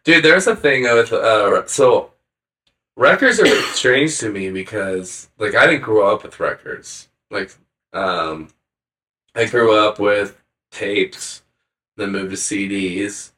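A man's voice: fairly low pitch, takes it slowly, pushed and bright, far from the mic. A man co-hosting a casual podcast chat, talking loosely with lots of hesitations and filler words. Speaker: podcast co-host.

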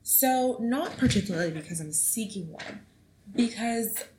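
A woman in her twenties hosting a casual solo podcast, chatty and animated, swearing freely as she tells stories. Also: fairly high pitch, measured pace, a little hiss or hum. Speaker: podcast host. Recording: echoey room.

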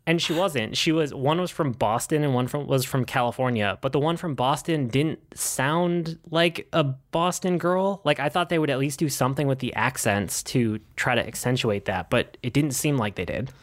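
A man co-hosting a casual movie review podcast, chatting in a relaxed way with plenty of fillers. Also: mid-range voice, moderate pace, few pauses. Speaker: podcast co-host.

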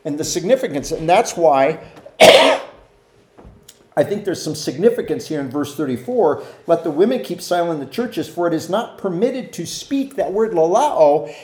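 A man's voice: high-pitched, warm tone. A man teaching a conversational Bible study, often asking his listeners questions and acting out quotes. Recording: roomy echo.

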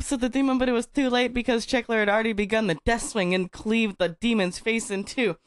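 A woman's voice: mid-range voice, steady tone, brisk, smooth. A woman co-hosting a comedy podcast, reading a story aloud and breaking into laughter all the time. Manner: laughs constantly while reading.

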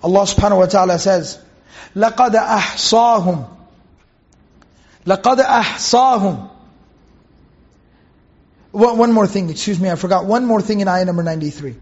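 A man with a high-pitched voice teaches a Quran commentary lesson. He patiently explains Arabic words and stops to correct himself mid-sentence. The recording sounds dull and lo-fi. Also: rapid-fire, hardly any pauses, a little mellow.

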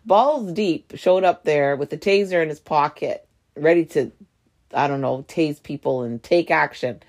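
Solo podcast host, woman, low voice, chatty and rambling. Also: unhurried. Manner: rambling, animated, laughing asides. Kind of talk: casual solo podcast monologue.

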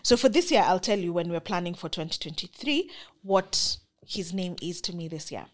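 A woman's voice: on the low side, expressive, moderate pace. A young woman with a Kenyan accent giving an earnest, emphatic, faith-filled personal monologue as a vlogger.

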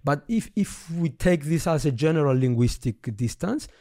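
A man from Cyprus, teaching about languages in conversation, often restarting words and trailing off quietly. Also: fairly high pitch, expressive, normal speed. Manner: stammering restarts, trails off softly. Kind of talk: explaining linguistics in conversation.

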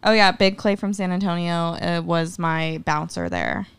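A woman's voice: on the low side, fairly even intonation, normal speed, vocal fry, clean tone, no echo. A young woman, chatting bluntly and swearing freely. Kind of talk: casual chat.

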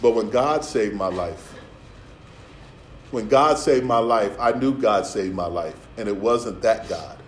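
A man's voice: on the low side, slow pace, reverberant, a little hiss or hum, poor audio. A man preaching a sermon as pastor, streetwise and playful, with asides and acted-out voices. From Philadelphia.

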